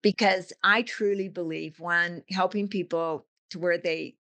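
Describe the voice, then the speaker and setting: A woman's voice: fairly low pitch, steady tone, unhurried, a bit bright. An older woman, a coach and author, talking casually in an interview and telling stories with vivid analogies. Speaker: guest, business coach and author.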